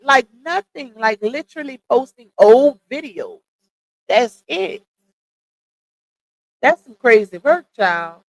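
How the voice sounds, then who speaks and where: A woman's voice: fairly high pitch, measured pace, rough recording. Blunt gossipy woman on a livestream. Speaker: livestream host. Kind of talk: casual commentary chat.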